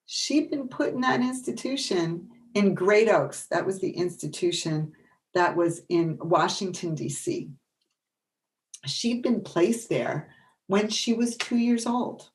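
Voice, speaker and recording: A middle-aged woman presenting a workshop, telling animated stories and acting out the voices of people she quotes. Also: medium pitch, slow pace. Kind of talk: storytelling lecture.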